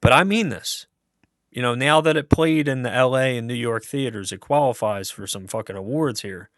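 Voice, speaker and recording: A man's voice: mid-range voice, moderate pace, fairly bright tone, no echo, clean studio sound. A man rambling enthusiastically through an unscripted film review, swearing often and piling up fillers and restarts.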